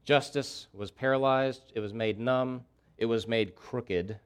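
A man's voice: mid-range voice, measured pace, clean tone. A man preaching a sermon, delivering impassioned pleas and repeating key phrases for emphasis. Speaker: pastor.

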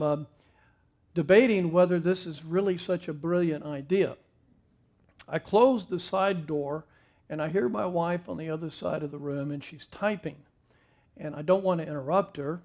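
Folksy preacher man, high voice. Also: darkish tone. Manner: folksy, self-deprecating humor. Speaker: pastor. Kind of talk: sermon with personal story.

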